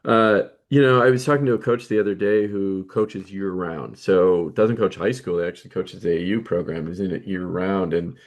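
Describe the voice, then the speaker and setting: Low-voiced male podcast co-host. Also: fairly even intonation, normal speed, few pauses. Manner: conversational, fillers like you know and right. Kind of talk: casual podcast chat.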